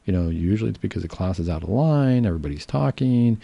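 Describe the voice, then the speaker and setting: A male psychiatrist giving a casual educational talk, calm and reassuring, explaining patiently with fillers and restarts. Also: lowish voice, fast talker, gravelly, no echo.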